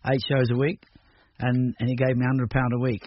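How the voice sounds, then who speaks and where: A man's voice: medium pitch, little pitch movement, brisk. Older man, musician guest, rambling and hesitant, many restarts, dull radio sound. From Australia. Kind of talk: radio interview. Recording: dull radio recording with faint noise.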